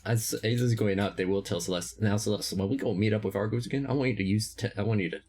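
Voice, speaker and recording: A man playing in a tabletop game, animated, switching between his character and table chat. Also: fairly low pitch, fast talker, husky. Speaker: player.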